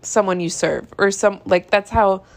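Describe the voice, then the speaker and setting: Young woman, podcast host, casual rant, exasperated, creaky voice, dry room. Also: medium pitch, moderate pace, dry recording. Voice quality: swearing, chatty, with laughs and sighs. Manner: animated, exasperated, drops to mutters. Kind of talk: casual storytelling monologue.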